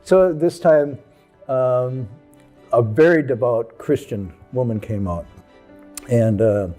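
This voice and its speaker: A man's voice: medium pitch, slow pace, faint music behind. A man who is a Buddhist monk, telling stories about his teacher and acting out the people in them. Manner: animated, acts out the people in his story. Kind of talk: anecdotal storytelling.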